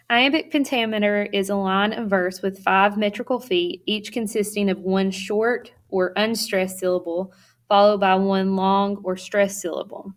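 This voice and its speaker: Woman teacher reading lesson notes. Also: mid-range voice. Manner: reads notes aloud steadily, with occasional fillers. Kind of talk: recorded classroom lecture.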